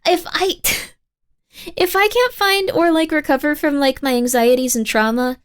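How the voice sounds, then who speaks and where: A woman's voice: high voice, unhurried. A young woman in her twenties, a streamer chatting casually and rambling with lots of "like". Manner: chatty, rambling, heavy use of "like". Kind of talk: casual livestream chat.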